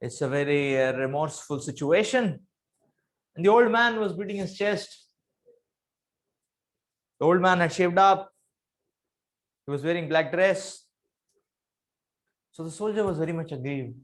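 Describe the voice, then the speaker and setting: A man with a notably high voice delivers a spiritual discourse, moving between teaching and storytelling. He is earnest and repeats phrases to drive points home. His pitch and loudness rise and fall dramatically. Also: a little slow, pauses often.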